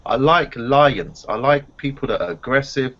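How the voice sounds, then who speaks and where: A man's voice: mid-range voice, expressive, normal speed, a bit bright. Guy ranting on a hangout call, cocky and repetitive, kinda muffled audio. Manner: emphatic, repetitive, swaggering. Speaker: round table panelist. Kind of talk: online group discussion. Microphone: video call.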